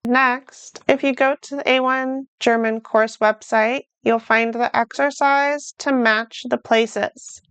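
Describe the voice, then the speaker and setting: A woman teaches a beginner language lesson at a very deliberate pace. She pronounces each word carefully in a smooth, clear voice that sits a little high. The recording is dry and close, with no room sound. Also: fairly even intonation, fairly bright tone, no echo. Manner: slow, careful enunciation with repeated examples.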